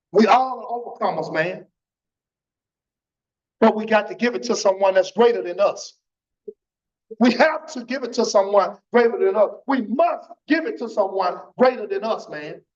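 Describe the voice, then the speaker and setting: A man's voice: high-pitched, unhurried, pauses often. A man giving an impassioned church testimony, repeating phrases and tagging lines with "man". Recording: dull lo-fi church stream.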